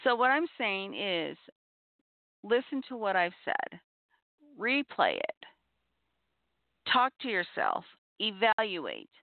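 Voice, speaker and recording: A middle-aged woman hosting a talk show on abuse recovery, giving earnest, measured advice and repeating her key points. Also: medium pitch, wildly swooping pitch, dry recording. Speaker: podcast host on abuse recovery. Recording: tinny phone-like audio.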